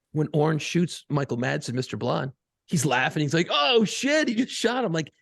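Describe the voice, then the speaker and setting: A man in his forties co-hosting a podcast, telling stories in a profane, animated way. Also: a little high, gravelly, dry recording, clean studio sound. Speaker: podcast co-host. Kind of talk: casual chat.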